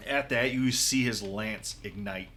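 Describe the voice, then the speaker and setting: A man running a tabletop game as game master, narrating loosely with frequent pauses. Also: lowish voice, bright, forceful tone, a little hiss or hum.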